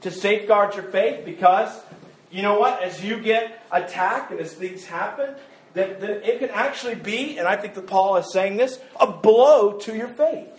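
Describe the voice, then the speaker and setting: A man with a high voice preaches a sermon, speaking in a loose, joking, conversational way. He often stumbles and repeats words as he builds his point. His voice rings in an echoey church room. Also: normal speed. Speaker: pastor. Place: church sanctuary.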